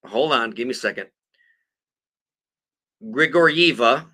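A podcast co-host, tipsy after several beers, reads news articles aloud, joking and swearing casually. His medium-pitched voice has lively intonation and a sharp tone, at normal speed.

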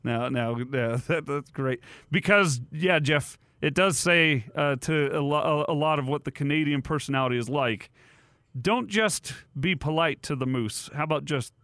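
Chatty radio host with a dry sound. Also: male voice, fairly high pitch, moderate pace, fairly bright tone, no echo. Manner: chatty, laughs often, reads phone number. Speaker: radio sports talk host. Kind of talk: casual radio talk.

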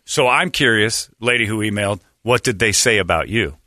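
Animated bright-voiced American man host. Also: lowish voice, moderate pace, dry recording, studio quality. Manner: animated storyteller, mimics accents and other voices. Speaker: radio show host. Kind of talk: casual chat.

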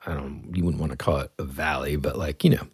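A man casually telling a funny story, laughing often and acting out shouted lines. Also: extremely low pitch, fast talker, breathy edge, no room sound, studio quality. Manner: animated, laughs often, acts out yells.

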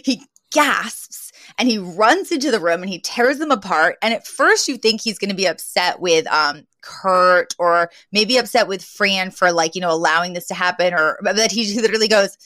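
A woman's voice: medium pitch, normal speed, hardly any pauses, no echo, studio quality. A woman co-hosting a podcast, recapping a sitcom episode in casual, chatty talk full of fillers. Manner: chatty, many fillers, lively retelling. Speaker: podcast co-host.

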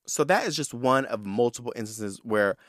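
A young adult man from San Diego hosting a podcast, telling personal stories in a casual, animated, profane and sassy way, talking straight to his listeners. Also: mid-range voice, normal speed, dry recording, clean studio sound. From San Diego, California. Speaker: podcast host. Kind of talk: casual solo storytelling.

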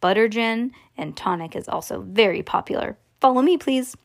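A man's voice: sits high, lively intonation, normal speed, gravelly. A woman reading as Willy Wonka, bossy and theatrical. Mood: triumphant. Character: eccentric impatient male chocolatier.

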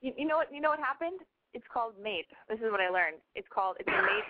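A woman hosting a call-in show with a fairly high voice. She talks in a blunt, joking, rambling way. The sound is narrow and phone-like. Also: lively intonation, fast talker. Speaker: host taking calls. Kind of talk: casual call-in chat.

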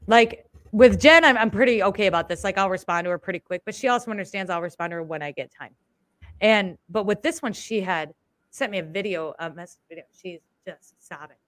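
A woman co-hosting a casual conversation, animated and candid, swearing freely and acting out what people said. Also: medium pitch, a little fast, no room sound. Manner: animated, swearing, storytelling with acted-out quotes. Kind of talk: casual chat.

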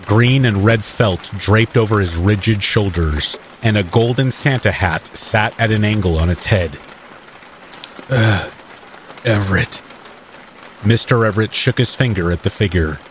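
A man narrating a horror story in the first person, in a measured and dramatic manner. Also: fairly low pitch, a little hiss or hum. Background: rain.

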